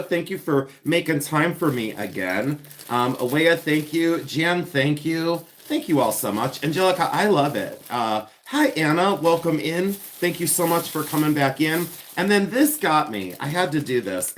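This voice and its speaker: A middle-aged man runs a live jewelry unboxing stream and gushes over every piece. He greets viewers by name, laughs often, and his voice sits a little high for a man. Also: fairly bright tone, slight background noise.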